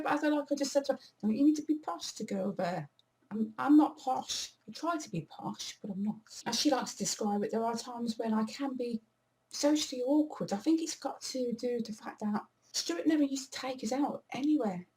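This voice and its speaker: Woman, 40s, slightly high voice; rambling, self-mocking vlogger chat. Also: a little mellow. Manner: chatty, rambling, self-deprecating. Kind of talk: casual monthly favourites chat.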